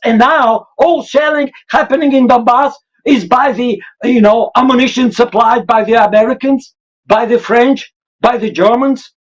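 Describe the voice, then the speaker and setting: This Russian-accented man has a notably high voice for a man, and he talks with raw, urgent emotion. He answers in broken, non-native English as a guest in an interview, pressing each point with feeling. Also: poor audio.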